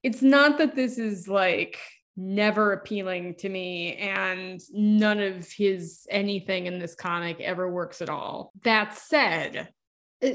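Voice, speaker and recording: A woman co-hosting a podcast in casual discussion, wry and opinionated, with dry asides. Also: medium pitch. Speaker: podcast co-host.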